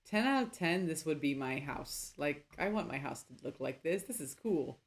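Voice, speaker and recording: A woman's voice: sits low, lively intonation, moderate pace, hardly any pauses, soft background music. A woman streaming a story game, reading its text aloud and reacting playfully between lines.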